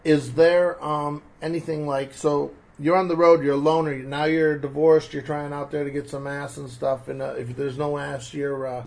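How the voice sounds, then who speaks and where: A man's voice: a little high, little pitch movement, normal speed, creaky, few pauses, a little mellow. A man hosting a casual podcast interview, asking crude, joking questions. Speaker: podcast host.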